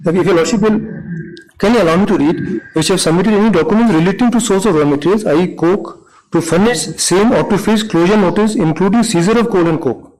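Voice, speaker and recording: A man, a government lawyer making halting, deferential submissions in court. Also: high-pitched, a little mellow, poor audio. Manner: deferential, halting, repeats "Lordship". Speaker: government counsel.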